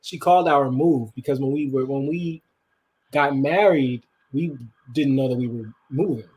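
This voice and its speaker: Low husky woman guest. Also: moderate pace, a little mellow, rough recording. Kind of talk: casual chat.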